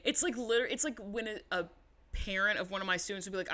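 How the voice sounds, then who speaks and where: A young woman chats on a podcast in a loose, sarcastic way. She swears freely and slips into mocking voices for the people she quotes, her pitch sitting in the middle. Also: fast, bright, forceful tone. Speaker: podcast co-host. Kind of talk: casual recap chat.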